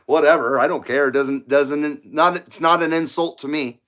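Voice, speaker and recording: A man's voice: a little high, unhurried, a bit bright. A middle-aged man from the United States hosting a CB radio livestream, chatting casually and rambling, often laughing at his own jokes.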